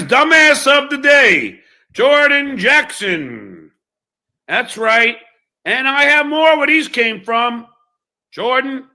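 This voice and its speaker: A man's voice: medium pitch, pushed and bright. A man in a recorded rant, taunting and threatening someone.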